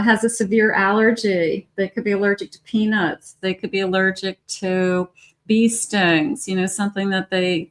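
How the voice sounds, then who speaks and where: Woman tarot reader, casual and chatty, muses aloud between cards. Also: fairly low pitch. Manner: chatty, thinks aloud while reading cards.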